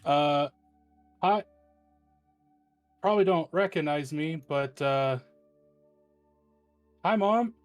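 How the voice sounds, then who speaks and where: A man's voice: a little high, takes it slowly, pauses often, faint music behind. Hesitant man playing a tabletop game. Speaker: player.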